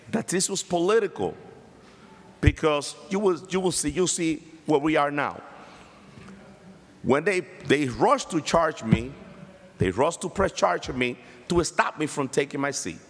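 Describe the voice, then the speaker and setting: Male councilman, fired-up floor speech, slightly high voice, long chamber reverb. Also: fairly bright tone. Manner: impassioned, combative, repeats phrases. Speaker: city councilman.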